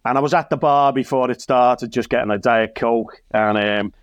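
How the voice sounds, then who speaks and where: A man with a broad Liverpool accent spins a story in a chatty, animated way, tossing in asides as he goes. His voice sits at an ordinary middle pitch. It is recorded close and dry, with no room sound around him. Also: moderate pace, clean tone, no echo. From Liverpool, England. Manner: lively anecdotal telling, with frequent asides. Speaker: comedian and church minister. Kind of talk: casual storytelling in a panel chat.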